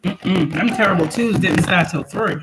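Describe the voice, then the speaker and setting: This young woman, a spiritual reader running her own channel, chats on a home livestream and laughs while addressing her kids. She speaks at a moderate pace in a fairly low voice, with some background noise.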